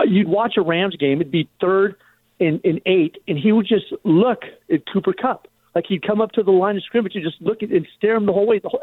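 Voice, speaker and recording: A man's voice: a little high, no room sound. A male caller on a sports radio show, an eager fan who rambles and uses lots of fillers. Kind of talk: call-in radio talk. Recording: tinny phone line.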